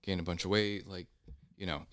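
Deep-voiced man in casual chat. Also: little pitch movement, a bit bright, dry recording, studio quality. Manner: quick, chatty, rambling.

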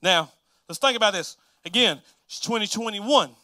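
Chatty preacher man, bright. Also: sits high, animated, moderate pace, no room sound, clean studio sound. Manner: chatty, laughing, acts out Bible figures. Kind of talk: sermon.

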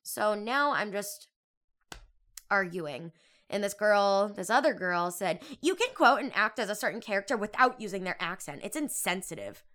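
A young adult woman hosting her own show, talking through a story in a casual, animated way with quick exclamations and asides. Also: mid-range voice. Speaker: podcast host. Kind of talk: casual chatty monologue.

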